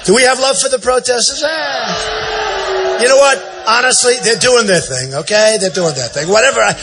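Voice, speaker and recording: A political candidate in his sixties gives an off-the-cuff campaign rally speech in a large indoor event center, his very high voice expressive at a moderate pace. He repeats himself, brags, and frequently shouts out to the crowd, with heavy background noise throughout.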